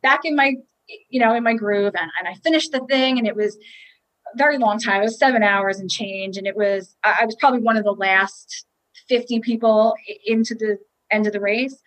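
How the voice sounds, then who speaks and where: A woman's voice: a little high, brisk, a bit bright, poor audio. A woman telling a candid, emotional personal story about a triathlon, with restarts and quoted inner thoughts.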